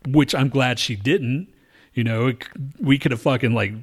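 A man's voice: medium pitch, moderate pace. Man, casual storyteller, rambling and profane, mid-range voice. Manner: rambling, profane, with frequent restarts and fillers. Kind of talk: casual chat.

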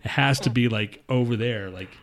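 A man's voice: medium pitch, normal speed, gravelly. Rambling, swearing male podcast co-host. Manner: rambling, swears a lot, reads trivia facts aloud. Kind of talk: crude casual banter.

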